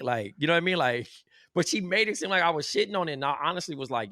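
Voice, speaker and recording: A man's voice: fairly high pitch, fast, no room sound, clean studio sound. A man with a strong Californian accent, co-hosting a podcast and telling a casual story full of slang and profanity. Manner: expressive, profane, laid-back slang. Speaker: podcast co-host.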